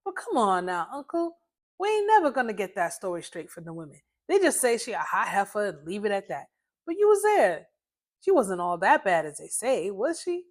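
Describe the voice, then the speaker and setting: A woman voicing Kid, an excitable, nosy young man in a storybook reading. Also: medium pitch, moderate pace. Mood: pleading.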